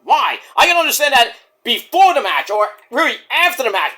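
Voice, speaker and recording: Lively, bright-voiced man ranting. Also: very high voice, brisk. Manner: profane, ranting, acts out quotes. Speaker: wrestling show reviewer. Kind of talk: casual review vlog.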